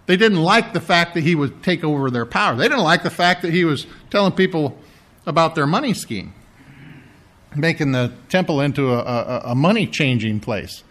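Animated, high-voiced male preacher. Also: moderate pace. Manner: animated, mocks the priests in a put-on sneering voice. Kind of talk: sermon.

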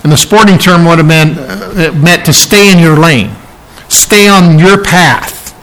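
A man's voice: on the high side, unhurried, a bit bright, low-quality recording. A man preaching an expository sermon, teaching earnestly and repeating phrases for emphasis. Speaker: pastor.

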